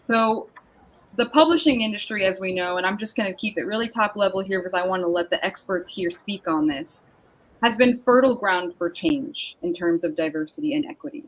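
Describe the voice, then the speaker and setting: A woman hosting a panel discussion over a video call, speaking in an upbeat, emphatic and deliberate way. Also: medium pitch, expressive, low-quality recording. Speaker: panel host and moderator. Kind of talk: scripted-sounding webinar introduction.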